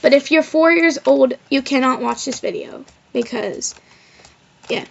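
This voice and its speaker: A woman's voice: high voice, measured pace, gravelly. A female vlogger telling a personal story in a rambling, casual way, filling her talk with "like" and "of course.". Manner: rambling, heavy use of "like" and "of course". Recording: slightly dull lo-fi recording.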